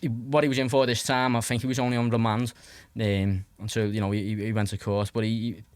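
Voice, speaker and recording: Young Scouse man, podcast guest, low-ish voice, dry close sound, rambling casual storyteller. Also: flat delivery, fast, no room sound. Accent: Liverpool (Scouse). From Liverpool, England. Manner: rambling, heavy fillers and restarts, swears freely.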